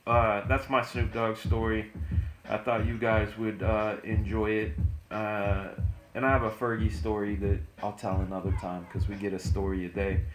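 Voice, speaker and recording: A middle-aged man, a comic artist, telling stories in a relaxed, chatty way on a live stream. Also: lowish voice, moderate pace. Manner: relaxed, chatty, lots of fillers and laughs. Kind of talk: casual storytelling on a live stream. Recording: roomy room, faint music.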